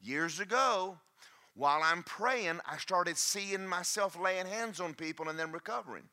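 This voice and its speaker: A man preaches in a church, shouting his points and then dropping into folksy, joking asides. His voice sits a bit high and rings very bright and forceful. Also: unhurried. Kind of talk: sermon.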